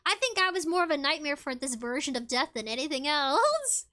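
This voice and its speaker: Bubbly high-voiced woman streamer. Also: very animated, fairly quick, sharp tone. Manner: bubbly and giggly, with frequent laughs. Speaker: VTuber streamer. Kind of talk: casual livestream chat, reading viewer comments aloud.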